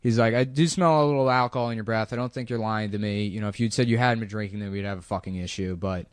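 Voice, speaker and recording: A young man co-hosting a comedy podcast, telling a story in a laid-back way, full of fillers and deadpan quotes. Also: fairly low pitch, fast, smooth, no room sound. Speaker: podcast co-host.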